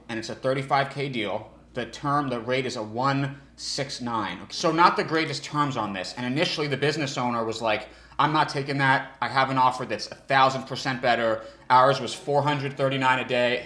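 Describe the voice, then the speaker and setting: A male sales trainer giving an energetic coaching talk who restarts his sentences and demonstrates different tones. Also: medium pitch, reverberant. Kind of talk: instructional talk.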